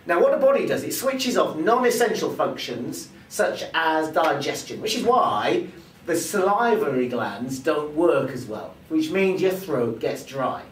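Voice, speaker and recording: A man teaching presentation skills, acting out the vocal examples he explains. His voice runs a little high and swings widely in pitch. He is recorded from some distance in a roomy space with a faint ambient hum behind him. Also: sing-song, unhurried. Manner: demonstrative, acts out vocal examples. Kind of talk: teaching with spoken demonstrations.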